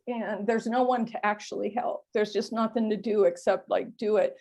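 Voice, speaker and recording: Tearful, halting woman sharing. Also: medium pitch, steady tone, creaky, darkish tone. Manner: halting, emotional, many pauses and fillers. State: close to tears. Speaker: meeting member sharing. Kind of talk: personal share at a recovery meeting.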